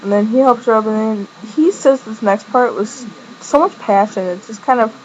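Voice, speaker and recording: A woman giving a casual fan recap of a TV episode, chatty and rambling, stringing events together with "and then she's like". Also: moderate pace. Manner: acts out quoted lines with jumps in pitch. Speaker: fan reviewer. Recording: muffled lo-fi home recording with faint hiss.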